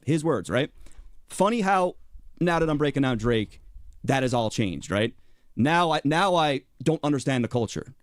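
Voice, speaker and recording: A man's voice: medium pitch, lively intonation, moderate pace, dry recording, studio quality. A man ranting sarcastically and with profanity in a played clip. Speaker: YouTube commentator. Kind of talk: mocking rant in a played clip.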